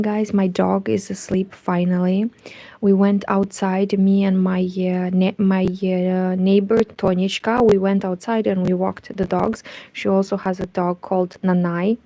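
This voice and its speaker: Young woman, hushed half-whispered chat, slow, gravelly, mellow tone, rambling. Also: medium pitch, little pitch movement, no echo. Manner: hushed, partly whispered talk; rambling, self-correcting. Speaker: crochet vlogger. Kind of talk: casual chat while crocheting.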